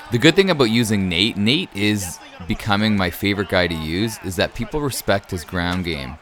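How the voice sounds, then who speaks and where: A man's voice: low-pitched, fairly bright tone. Laid-back man giving fight game commentary. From Canada. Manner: laid-back, laughs often, says "man" a lot. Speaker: gaming YouTuber. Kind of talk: casual gameplay commentary.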